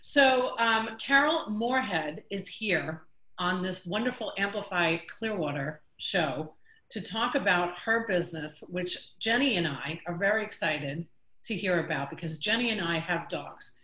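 A woman's voice: lowish voice, animated, measured pace, pushed and bright, echoey room. A woman hosting a podcast, chatting in an upbeat, jokey way. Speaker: podcast host. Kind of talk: casual chat. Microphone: video call.

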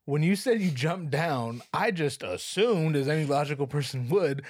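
Dude riffing back in a chill chat, kinda higher voice, dry mic. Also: male voice, expressive, no room sound. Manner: quick reactive backchannels, joking. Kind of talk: casual podcast chat.

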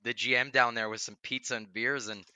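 Bright, laid-back podcast co-host man. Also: mid-range voice, fairly even intonation, a little fast, smooth, no echo. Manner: reacting, joking, laid-back. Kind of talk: casual chat.

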